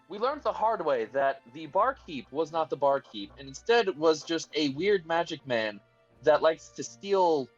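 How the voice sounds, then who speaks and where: A man casually recaps a tabletop game session, hesitating and filling gaps with "uh". His voice sits in a middle pitch, and the recording sounds a bit dull and lo-fi. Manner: rambling, hesitant with many fillers. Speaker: player giving session recap.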